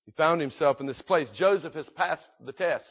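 Preacher guy giving a sermon, bit high pitched, earnest and emphatic, sounds muffled and lo-fi. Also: slightly rough. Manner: earnest, slow and emphatic, with swells in volume.

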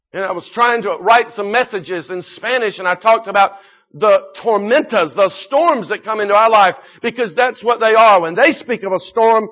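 A man preaching a sermon in an earnest manner, slowing down to stress key points and often clearing his throat. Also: high voice. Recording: dull lo-fi recording.

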